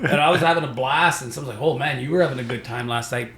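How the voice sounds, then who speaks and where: A man's voice: mid-range voice, fast, crowd noise. A man, a stand-up comedian, telling stories in casual chat and acting out other people's voices. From Canada. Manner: animated storyteller, acts out voices of others. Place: podcast studio. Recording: roomy echo.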